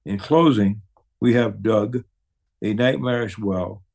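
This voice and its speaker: A man reciting a poem in a grave, measured, deliberate way. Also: lowish voice, vocal fry, darkish tone. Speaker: poetry reader. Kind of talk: slow solemn poetry recitation.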